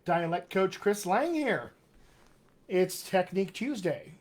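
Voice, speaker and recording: A man's voice: high voice, expressive, slow. A man coaching actors on accents in a live-streamed Q&A, talking with energy and repeating his key points for emphasis. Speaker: dialect coach.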